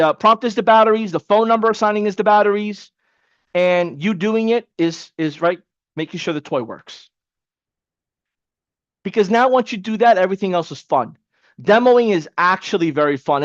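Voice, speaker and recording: A man with a high voice leads an online training with casual, energetic coaching and repeats points for emphasis. The sound is dry and a little dull, like a lo-fi webcam mic. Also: dry recording. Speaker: webinar coach.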